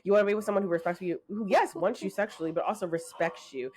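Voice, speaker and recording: A woman's voice: medium pitch, fast, a little mellow. A woman co-hosting a podcast in casual chat, talking bluntly and with exasperation, often swearing. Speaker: podcast co-host.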